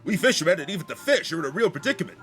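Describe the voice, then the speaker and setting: A man's voice: high voice, very animated, racing, fairly bright tone, soft background music, exaggerated voice. A man reading out the lines of a boastful, worried old fisherman in a game.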